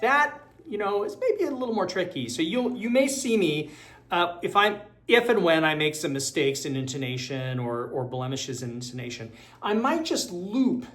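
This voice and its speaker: Man teaching violin, calm and explanatory. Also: high voice, normal speed, over music. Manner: relaxed and explanatory, thinking aloud with fillers; counts beats and calls out rhythms while playing. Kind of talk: online music lesson. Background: violin playing.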